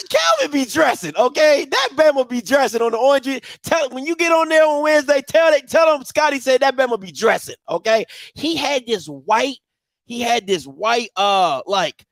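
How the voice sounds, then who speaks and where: A man, hosting a live show and telling a story in casual chat, animated and swinging from loud outbursts to low murmurs. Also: normal speed, gravelly, dry recording. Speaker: podcast host.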